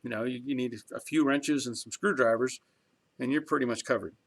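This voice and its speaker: A man's voice: medium pitch, brisk, vocal fry. A middle-aged man hosting a garage channel, chatting casually on a live stream and reading viewer comments in a talkative, rambling way with chuckles.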